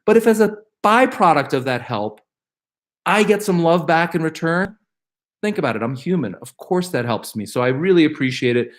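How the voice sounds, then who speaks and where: A middle-aged man with a fairly high voice talks at a moderate pace as he hosts a live question-and-answer stream. Casual and upbeat, he reads viewers' questions out loud and answers them, rambling with plenty of fillers and restarts.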